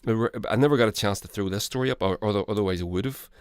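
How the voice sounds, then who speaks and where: A man's voice: on the low side, quick pace, clean tone, dry recording, studio quality. A man hosting his own casual political commentary, blunt and rambling, swearing and restarting his sentences.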